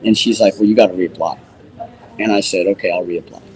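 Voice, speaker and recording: A man's voice: low-pitched, a little fast, rough recording. A man, a rodeo announcer, telling stories in a casual interview and acting out the dialogue he quotes. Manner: animated storyteller who acts out quoted dialogue. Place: museum.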